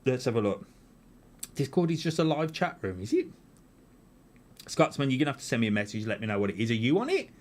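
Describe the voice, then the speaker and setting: A middle-aged man chats loosely to his live-stream viewers from a room at home. He is self-mocking and rambling, and his pitch swings high and low as he goes. His voice sits in an ordinary middle range. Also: very animated, fast, pauses often. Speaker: YouTube channel host. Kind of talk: casual live-stream chat. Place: home room full of camera gear.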